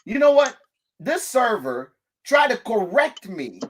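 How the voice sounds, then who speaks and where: A man from France hosting a casual talk show, telling stories and correcting pronunciation with animated energy. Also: very high voice, takes it slowly. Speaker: podcast host. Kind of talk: casual chat.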